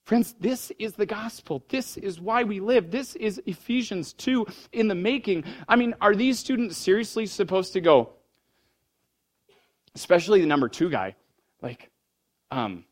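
A man's voice: sits high, lively intonation, a little slow. Man preaching with rising fervor. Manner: storytelling, swings from hushed to fervent. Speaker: pastor. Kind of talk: sermon.

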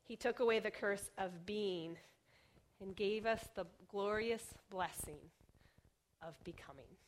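A young woman preaching a sermon in an earnest way, often dropping to a hush on key phrases. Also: medium pitch, takes it slowly. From Oregon, United States. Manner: earnest, softening to near whispers on key phrases.

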